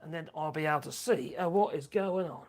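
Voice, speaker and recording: A man's voice: on the high side, a little fast. A man with a Norfolk accent hosting a casual live stream, reading out viewer comments in a chatty, crude and mocking way, often muttering asides. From England.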